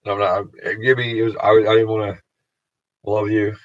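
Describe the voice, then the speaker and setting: Deep-voiced man rambling, lo-fi. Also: flat delivery. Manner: meandering, profane, halting restarts. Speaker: vlogger. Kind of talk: rambling casual monologue to camera.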